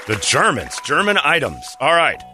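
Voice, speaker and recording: A man hosting a radio call-in quiz, joking and quick to call out answers. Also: a little high, huge pitch swings, music in the background. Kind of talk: playful radio banter.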